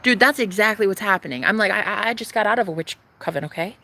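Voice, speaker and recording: Casual woman vlogger, gravelly voice, blunt and profane, moves between whispers and loud emphasis. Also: medium pitch, animated, quick pace. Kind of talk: casual confessional vlog.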